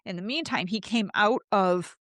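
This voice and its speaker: A woman's voice: mid-range voice, moderate pace, a bit bright, no room sound. A woman hosting a podcast, telling her own story candidly and emotionally, with swearing, and raising her voice when she acts out her past pleas. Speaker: host.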